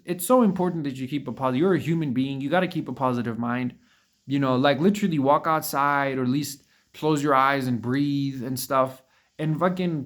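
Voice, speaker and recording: A male vlogger talks casually to the camera in a motivational monologue, his voice on the high side. He is blunt and profane, repeats words for emphasis, and calls the listener bro and dude.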